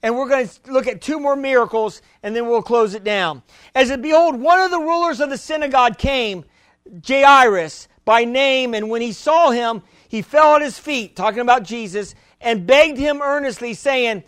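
Male pastor, very high voice, dry close sound, emphatic sermon delivery with repeated words. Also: normal speed, fairly bright tone, clear, resonant tone, no echo.

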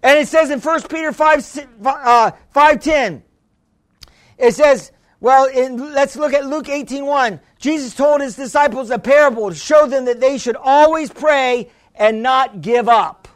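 A man with a strikingly high voice preaching a sermon. He is fervent and rises into shouts, then drops back to a conversational tone, with frequent restarts and calls to the congregation. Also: measured pace.

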